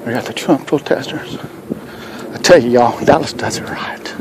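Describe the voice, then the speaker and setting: A man's voice: mid-range voice, normal speed. An older man, chatting and rambling to his viewers as he walks a city street filming a casual vlog. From Texas. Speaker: vlogger. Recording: loud street and wind noise.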